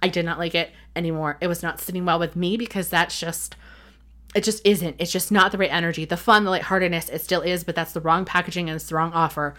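Fast and steady in tone, her fairly low voice has a fairly bright quality. This woman hosts a candid solo podcast on email marketing, earnestly rambling about her business with plenty of emotion.

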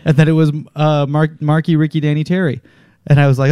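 Mellow-voiced man telling stories. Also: a little high, level tone, fairly quick, smooth, dry recording, studio quality. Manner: chatty storyteller, laughs often, quotes movies. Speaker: podcast co-host. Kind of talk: casual chat.

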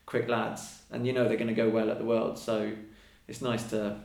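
Speaking at normal speed, this podcast guest, an elite mountain runner, keeps the conversation casual and likes to act out short quoted exchanges. His voice is fairly low, creaky, and a little mellow, with little pitch movement, and the room echoes.

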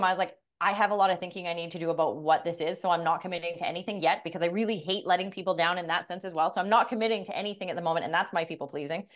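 A woman's voice: lowish voice, muffled recording. A middle-aged woman co-hosting a podcast, telling a personal story with blunt, profane candor and acting out the dialogue. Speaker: podcast co-host, coach.

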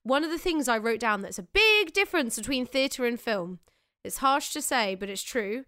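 A woman's voice: a little high, animated, moderate pace, pushed and bright, smooth, dry recording, studio quality. A woman, a podcast co-host, speaking bluntly and frankly in casual chat.

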